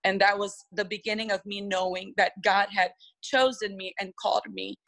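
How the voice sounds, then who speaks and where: A woman's voice: mid-range voice, steady tone, normal speed, vocal fry, a bit bright, low-quality recording. A woman lead pastor, from the United States, telling an earnest and emotional testimony in a podcast interview.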